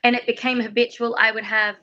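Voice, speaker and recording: Bubbly Australian woman, bright voice. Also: fairly high pitch, little pitch movement, fast, highs cut off. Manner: bubbly, enthusiastic storyteller. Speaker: guest singer-songwriter. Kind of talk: casual interview chat. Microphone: phone guest line.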